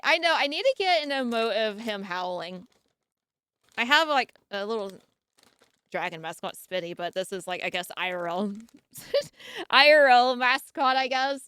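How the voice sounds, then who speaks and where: A woman's voice: mid-range voice, fairly bright tone, smooth, dry recording, clean studio sound. A woman streamer reacting live in a casual, laughing way, cooing at her dog between comments.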